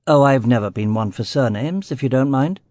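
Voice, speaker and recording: A courteous, guarded English gentleman in his sixties, as a male narrator puts him on, speaking in a clipped Home Counties accent. His manners are formal and his tone is mellow and warm. The recording is close and dry, with no room sound. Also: medium pitch, animated, fairly quick, no room sound, close to an everyday voice. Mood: urbane. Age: 60s. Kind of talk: audiobook character voice.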